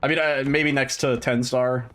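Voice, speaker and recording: A man's voice: medium pitch, fairly even intonation, moderate pace, a bit bright, slight background noise. A man chatting casually and rambling while streaming a game, now and then swearing at it. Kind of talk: casual gameplay chat.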